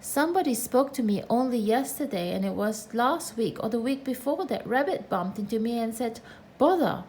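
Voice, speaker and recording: A woman voicing a gloomy old donkey who speaks slowly and self-importantly. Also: a little high, animated, darkish tone, a little hiss or hum. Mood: glum. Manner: slow, mournful, self-important.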